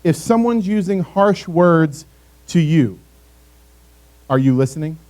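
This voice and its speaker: A man's voice: a little high, animated, slow, darkish tone. A young man giving a youth ministry talk as pastor, conversational and often asking the room for responses. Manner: conversational, asks the audience for responses.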